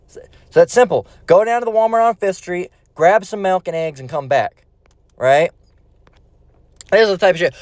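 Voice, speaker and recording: A man's voice: high-pitched, animated, brisk, no room sound. A man giving a rambling, profane screen-share lesson, repeating himself as he goes.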